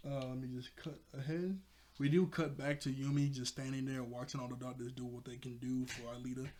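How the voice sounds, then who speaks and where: A man's voice: mid-range voice, level tone, brisk, a little mellow. A man casually recapping a cartoon episode, rambling and laughing as he often corrects himself. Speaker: show reviewer.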